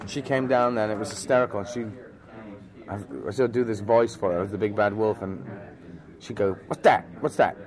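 A man's voice: on the low side, steady tone, fairly quick. An actor answering interview questions frankly and chattily in a busy restaurant, restarting his words and leaning on "you know". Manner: chatty, frank, repeats words when starting, fills gaps with "you know". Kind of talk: relaxed conversational interview. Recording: loud crowd chatter behind.

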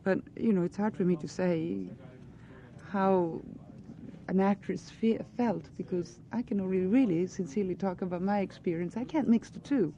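A woman's voice: mid-range voice, normal speed, mellow, muffled recording, a little hiss or hum. Earnest woman searching for words. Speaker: actress being interviewed. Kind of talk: press junket interview.

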